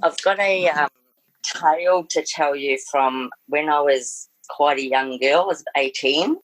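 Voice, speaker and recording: A woman's voice: deep voice, a little slow, dry recording, rough recording. A middle-aged Australian woman telling a personal ghost story in a rambling, casual way, full of fillers and restarts.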